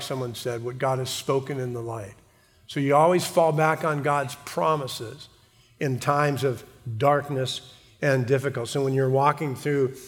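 A man preaching a sermon in an earnest way, repeating words as he goes and calling out to the congregation for an amen. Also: on the high side. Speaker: pastor. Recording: long hall reverb.

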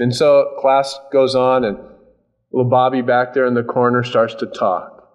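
A man preaching a sermon in an emphatic, folksy, animated way. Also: mid-range voice, normal speed.

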